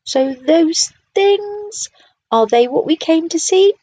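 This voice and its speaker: A woman's voice: very high voice, expressive, normal speed, gravelly, darkish tone, voice pushed up, full character voice. A woman doing a whiny flightless boy bird. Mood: unimpressed. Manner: whining, plaintive. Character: whiny young male bird who cannot fly.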